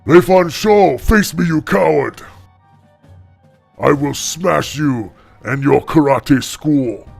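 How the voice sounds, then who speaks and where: A man voicing a boastful, aggressive sumo wrestler through a voice changer, shouting his challenges. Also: fairly high pitch, slow pace, creaky, soft background music, pitched above the performer's own voice, heavily acted. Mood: challenging. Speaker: game master.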